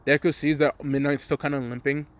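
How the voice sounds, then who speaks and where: A man's voice: on the high side, little pitch movement, fairly quick. A young man casually improvising a crude fan story, rambling, swearing a lot and laughing at his own jokes.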